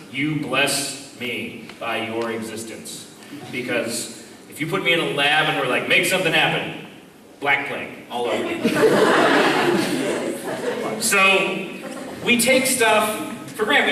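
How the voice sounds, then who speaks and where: A man in his late twenties, a youth leader giving a humorous talk, telling stories animatedly and jumping high when acting out voices. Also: bright, forceful tone. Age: late 20s. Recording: echoey hall, mic far off, background noise.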